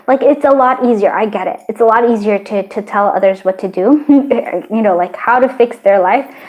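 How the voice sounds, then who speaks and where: A woman giving a pick-a-card tarot reading, talking in a gentle, encouraging way, rambling with many fillers and restarts. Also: medium pitch, a little hiss or hum, poor audio. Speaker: tarot reader.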